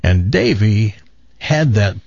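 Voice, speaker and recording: A man hosting a radio show in casual chat, telling stories with lively acted-out voices. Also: lowish voice, takes it slowly, creaky, dry recording, dull audio. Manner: animated storyteller, acts out voices.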